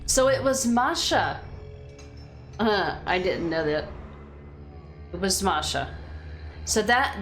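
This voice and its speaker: A woman's voice: mid-range voice, fairly bright tone. A woman streamer in casual gaming commentary, chatty and laughing at what she sees. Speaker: game streamer.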